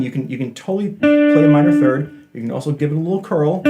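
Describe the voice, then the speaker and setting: A man's voice: a little high, fast, dark tone. A man giving a casual guitar lesson in a chatty, joking way with self-deprecating asides. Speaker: guitar teacher. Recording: faint guitar playing behind.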